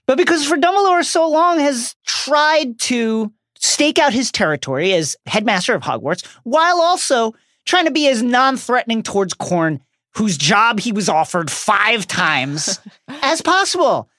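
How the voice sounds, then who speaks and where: A man co-hosting a podcast, excitedly discussing a book, profane, slipping into playful character voices. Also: very high-pitched, measured pace, no room sound, studio quality. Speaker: podcast co-host.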